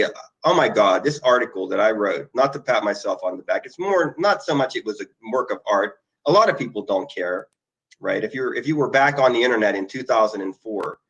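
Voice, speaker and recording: Middle-aged male host, gravelly, rambling and eager, casual screen-share chat. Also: medium pitch, fairly bright tone, low-quality recording. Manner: rambling, emotional, plugs things eagerly. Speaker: online marketing video host. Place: indoor conference room.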